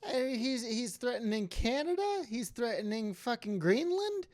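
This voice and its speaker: A man's voice: very high voice, very animated, a little slow, a little mellow, pitched above the performer's own voice, full character voice. A man playing an indignant, swearing old codger with a put-on old-timey Southern accent through an old-man voice filter, ranting on a comedy podcast. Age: older. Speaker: podcast co-host.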